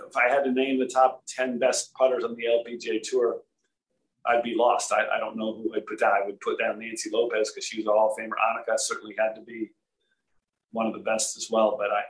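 A man with a slightly low voice tells golf stories in an easy, rambling way. He is from Rhode Island and once played on tour. He talks like a guest in a casual chat. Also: poor audio. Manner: relaxed anecdotal, frequent restarts. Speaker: former tour golfer, guest.

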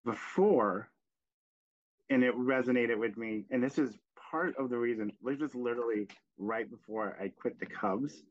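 A man hosting a casual podcast chat, telling reflective stories in an animated way. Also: mid-range voice, normal speed, no room sound. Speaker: podcast host. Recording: dry, dull lo-fi sound.

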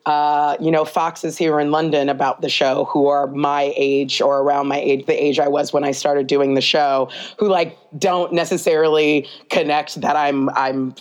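A woman with a notably deep, low voice talks casually as a podcast guest. She rambles through asides full of fillers and breaks into laughter often. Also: moderate pace, hardly any pauses, clean tone. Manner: chatty and animated, laughs often. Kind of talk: casual conversation.

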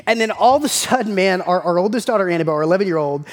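A man, preaching a sermon and telling a family story in a folksy, animated way. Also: sits high, very fast. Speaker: pastor.

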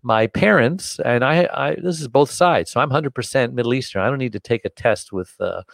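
An older American man telling a long story in a casual, animated way, jumping into different voices to act out the people in it. His voice sits at an everyday middle pitch. The recording is close and completely dry. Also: a little fast, creaky, dry recording. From United States. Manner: animated, acts out dialogue in voices. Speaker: guest.

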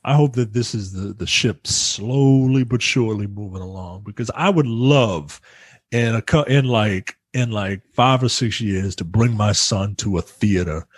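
A man co-hosting a podcast in casual chat, halting and full of restarts. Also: fairly low pitch, breathy edge, no echo. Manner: halting, many restarts and fillers. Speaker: podcast co-host.

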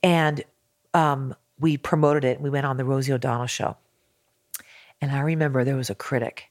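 A woman's voice: a bass voice, darkish tone, dry recording, clean studio sound. Frank, emphatic woman telling her story. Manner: frank and emphatic, acts out quoted exchanges. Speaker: singer, interview guest. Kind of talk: candid conversational storytelling.

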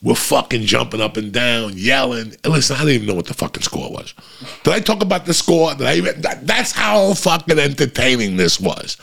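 A man's voice: medium pitch, gravelly, fairly bright tone. A middle-aged man hosting a podcast, telling a long, profane, rambling story in casual chat.

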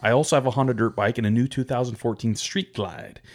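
A man's voice: mid-range voice, fast, darkish tone. A man co-hosting a podcast, chatting casually and reading listener emails aloud with little asides. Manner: easygoing, reads with little asides. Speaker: podcast co-host.

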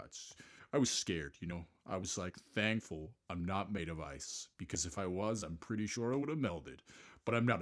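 A man hosting a comedy podcast, rambling and scatterbrained, with frequent self-mocking asides. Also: low voice. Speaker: host. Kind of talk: improvised comedy monologue.

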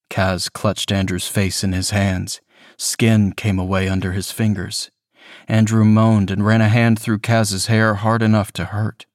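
Man narrating horror, slow, low-pitched, measured, dry close recording. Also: no echo. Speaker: reader.

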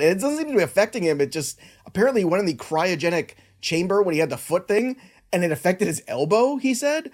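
A man's voice: high voice, big pitch swings, darkish tone. A man hosting a sports podcast, casually running through stats and betting picks. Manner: quick run-through of stats, laughs easily. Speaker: podcast host.

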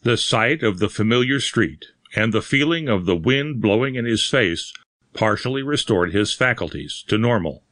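A man's voice: lowish voice, animated, moderate pace, fairly bright tone, no room sound. A man steadily reading a pulp horror story aloud as narrator.

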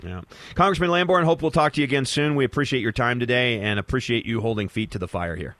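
Male talk radio host, forceful bright voice, dry close studio sound, rambling conversational delivery. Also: mid-range voice, fast, no room sound. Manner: chatty, rambling with fillers and restarts. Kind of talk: casual talk radio chat and storytelling. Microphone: studio microphone.

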